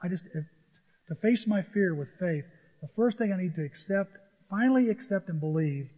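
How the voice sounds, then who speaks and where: A pastor with a high, husky voice preaches with animated storytelling and acts out the voices of the people in his stories. Long reverb from a large hall and dull, muffled audio surround him. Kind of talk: sermon.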